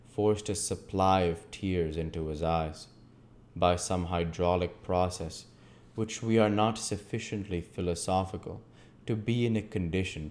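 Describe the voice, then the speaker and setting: A man narrating a classic novel aloud as an audiobook reader, in a measured storytelling manner. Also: deep voice, a little mellow, a little hiss or hum.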